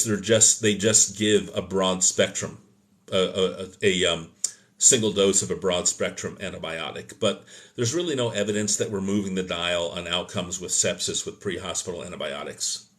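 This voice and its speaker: Male host, lowish voice, live Q&A, opinionated teacher who restarts his sentences. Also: fairly bright tone. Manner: loose, self-correcting delivery with fillers. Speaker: host of an emergency medicine live stream. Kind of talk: live Q&A, answering chat questions.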